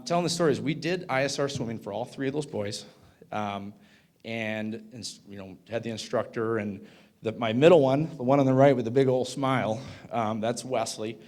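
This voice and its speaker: A man's voice: medium pitch, darkish tone. A man in his thirties gives a conference talk and tells a story. He talks casually, uses lots of "like," and keeps checking with the audience. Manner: casual, filler-heavy, asks the audience "right?". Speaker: conference speaker. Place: conference hall.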